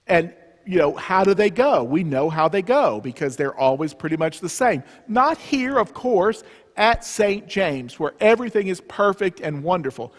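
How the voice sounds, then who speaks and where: A man's voice: sits high, very animated, normal speed. A man from the Southern US with a Southern accent, giving a humorous retreat talk and quizzing the audience. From Southern US, Memphis area. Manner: joking, conversational, engaging the audience with questions. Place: church. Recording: reverberant church hall.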